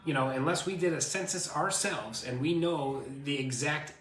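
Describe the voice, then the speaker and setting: Bright-voiced man chatting in an echoey room. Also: a little high, moderate pace. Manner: animated, rambling storyteller. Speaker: co-host, realtor. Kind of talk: casual chat.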